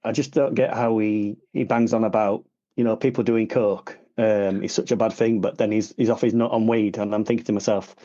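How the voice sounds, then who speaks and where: A man's voice: fairly low pitch, steady tone, a little fast, mellow, highs cut off. A man with a Yorkshire accent, a podcast guest chatting casually, often stumbling and repeating his words. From England. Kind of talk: casual chat.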